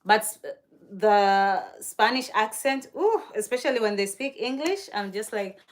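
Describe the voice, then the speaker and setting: A woman's voice: mid-range voice, animated, a little slow. A young woman from Kenya hosts a live stream and chats in a loose, gushing way. She laughs often, and her voice sits in an ordinary middle register. She answers viewers' comments as she goes. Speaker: livestream host. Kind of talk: casual live-stream chat.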